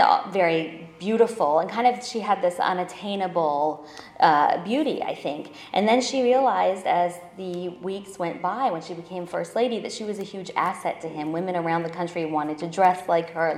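A woman's voice: lowish voice, reverberant. A woman author talking about history in a conversational way, with frequent fillers. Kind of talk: informal talk.

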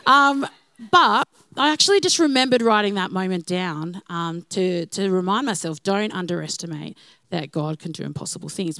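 A woman's voice: mid-range voice, a bit bright, no room sound. A woman telling personal stories in a church talk, in a chatty way with many fillers. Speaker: church speaker. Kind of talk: sermon testimony.

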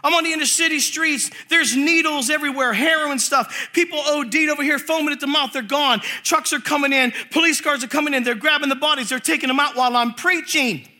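A man preaching a lively, comic sermon to a church congregation, telling stories with acted-out quotes. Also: very high-pitched, brisk, few pauses. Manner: animated storytelling with acted quotes and laughter.

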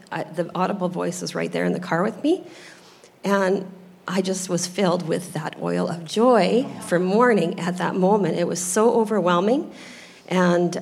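A woman's voice: fairly low pitch, gravelly, a little mellow, a little hiss or hum. A woman in her thirties telling a personal faith story in a casual chat, hesitant and full of ums, close to tears as she speaks. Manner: hesitant, with many ums, tearful when moved. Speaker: guest sharing a testimony.

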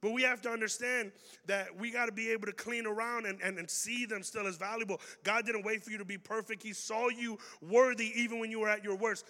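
A man preaching a youth sermon in a large hall, animated and acting out quoted people with humor. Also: sits high. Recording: long reverb of a big hall.

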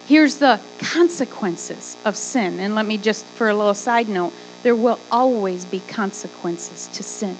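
A woman pastor preaching a sermon in a lively way, with joking asides. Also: medium pitch, unhurried, hardly any pauses, soft background music, poor audio.

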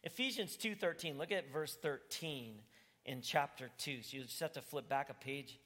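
A man's voice: a little high, moderate pace, bright, forceful tone. A man preaching a sermon as pastor, earnest and pleading, rising to emphatic bursts. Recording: reverberant church hall.

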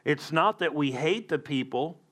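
A man's voice: fairly high pitch, expressive, a little slow, fairly bright tone. A man preaching a sermon as a pastor, emphatic with conversational asides.

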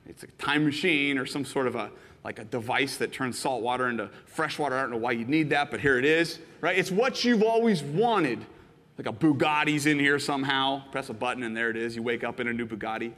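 A man preaching a sermon, animated and playful, acting out little scenes and jumping into excited voices for the people in his stories. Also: big-room sound. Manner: animated, jumps into high excited voices when quoting. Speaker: pastor. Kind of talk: sermon with acted-out illustrations.

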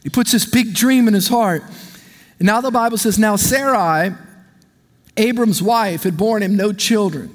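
Pastor guy preaching, pretty high voice, big echoey church sound. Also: a little slow. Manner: animated preaching with call-and-response. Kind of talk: sermon. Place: church sanctuary. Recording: long hall reverb.

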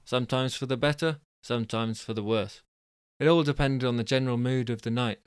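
A male storyteller with a smooth, clear voice, reading stories aloud and breaking off for rambling, self-deprecating chats. The sound is close and dry, with no room echo. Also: medium pitch, fairly even intonation, a little fast. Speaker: storyteller and host.

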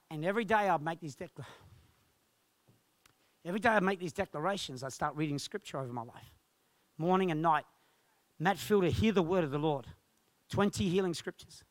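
A male pastor telling a personal testimony in a sermon, animated and acting out the voices of others. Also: fairly high pitch, no echo. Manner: animated storytelling, acts out quoted voices.

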